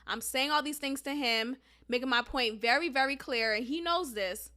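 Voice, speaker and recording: A woman with a high, bright voice hosts a solo podcast and tells a personal story. Her delivery is animated and emphatic, with frequent asides to the audience and casual profanity. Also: moderate pace. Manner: emphatic, animated, profane, addresses listeners as y'all. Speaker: podcast host.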